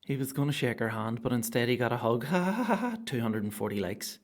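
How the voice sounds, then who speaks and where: A Northern Irish man, a stand-up comedian and podcast host, rambling through a comic monologue full of swearing and sudden loud outbursts. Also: mid-range voice, lively intonation, moderate pace.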